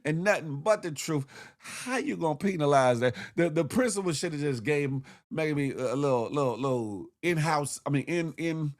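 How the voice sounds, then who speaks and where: A man hosting a morning show with comedic news commentary, animated, slangy and repeating himself as he jokes. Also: fairly high pitch, moderate pace.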